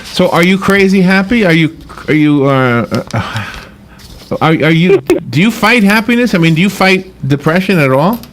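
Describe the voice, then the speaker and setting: A man's voice: sits high, animated, normal speed, a bit bright, a little hiss or hum. A man hosting a radio talk show, chatting in a rambling way that often breaks off and restarts. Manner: chatty, rambling, self-interrupting. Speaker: radio host. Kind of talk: casual radio interview.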